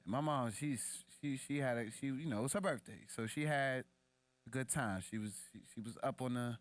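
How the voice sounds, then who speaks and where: Swearing freely and using street slang, a young man co-hosting a podcast spins a casual story at a brisk clip, recorded without echo. He gets animated and jumps way up in pitch to act out what others said.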